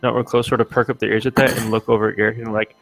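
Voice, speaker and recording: A man's voice: lowish voice, little pitch movement, rapid-fire, creaky, a bit bright, no echo, faint music behind, rough recording. A man narrating a tabletop game as game master, rambling with fillers and restarts.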